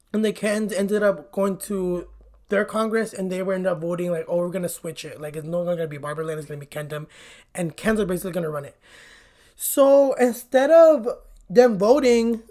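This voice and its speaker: Woman vlogger, casual movie recap, blunt and chatty with frequent swearing, mid-pitched voice. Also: darkish tone. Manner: chatty and blunt, swears often, says "like" a lot.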